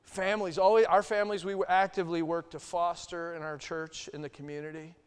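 A male pastor preaching a sermon, swinging from loud bursts to hushed asides. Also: fairly high pitch, flat delivery, fairly quick, clear, resonant tone. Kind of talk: sermon teaching. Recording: long hall reverb.

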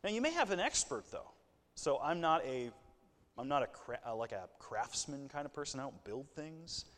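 A man's voice: mid-range voice, very animated, normal speed, a bit bright, in a large hall. A man preaching a sermon in a conversational way, with asides and light jokes. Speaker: pastor.

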